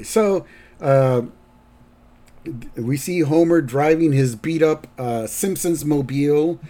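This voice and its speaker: A man casually recapping a cartoon episode as a podcast host, halting and rambling. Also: mid-range voice, mellow. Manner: rambling, halting, with fillers and restarts.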